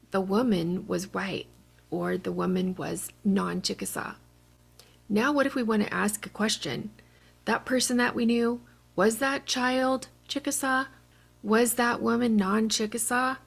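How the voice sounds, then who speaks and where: A woman's voice: medium pitch, creaky, husky. A woman teaching an online language lesson, patiently explaining each step.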